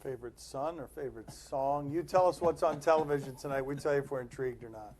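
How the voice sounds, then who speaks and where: A man's voice: mid-range voice, fast, darkish tone, slight background noise. A man hosting a sports talk show, running the segments with dry, wry remarks. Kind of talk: hosting studio banter.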